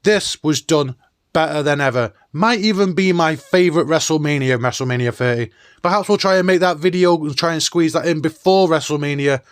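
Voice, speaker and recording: A man's voice: fairly high pitch, a little fast, clean tone, no echo, studio quality. A man hosting a nostalgic countdown video in an enthusiastic, chatty way. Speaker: host.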